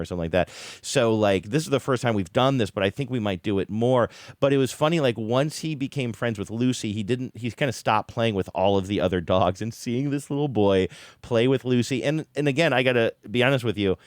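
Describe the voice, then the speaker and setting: A man co-hosting a podcast, telling a long story in a rambling, animated way and often correcting himself. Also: mid-range voice, a little fast, dry recording, studio quality. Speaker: podcast co-host. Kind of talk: casual chat.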